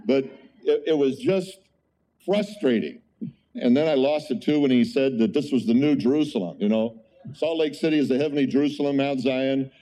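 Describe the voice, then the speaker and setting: A man preaching a conversational sermon as a pastor, telling an animated story with frequent exclamations. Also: mid-range voice, normal speed.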